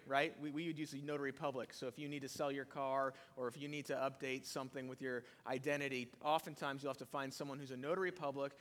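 A man preaching a sermon, swinging between loud emphasis and hushed drops as he preaches to the congregation. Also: on the high side, in a large hall. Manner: animated preaching, rising and dropping loudness for emphasis. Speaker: pastor.

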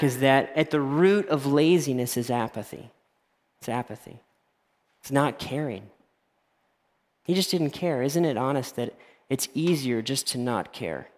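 Preacher in a reverberant hall. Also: male voice, mid-range voice. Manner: animated, acts out voices in anecdotes. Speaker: pastor. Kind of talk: sermon.

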